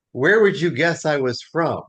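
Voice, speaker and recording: A man's voice: fairly high pitch, breathy edge. A man with a Southern US accent leading a casual class discussion, telling stories and laughing often. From American South. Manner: animated storyteller, laughs often. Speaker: Bible class teacher.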